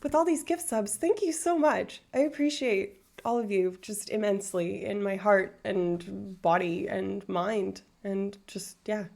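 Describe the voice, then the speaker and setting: A woman's voice: medium pitch, slow, gravelly, a little mellow. A woman streamer talking casually to her live chat, explaining things earnestly in a rambling way with many fillers. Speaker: Twitch streamer. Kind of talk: casual livestream chat answering viewers.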